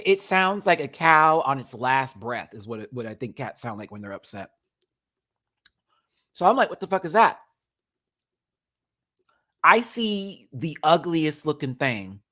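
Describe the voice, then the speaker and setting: A man, hosting a casual livestream from home, chatty and expressive, swearing freely and thanking viewers as he tells stories. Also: medium pitch, moderate pace. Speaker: livestream host. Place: home, indoors.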